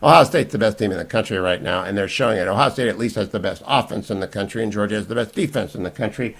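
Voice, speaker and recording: Gravelly, low-pitched talk radio host. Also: male voice, fast talker. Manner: emphatic, swinging from loud bursts to low asides. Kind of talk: opinionated talk radio monologue.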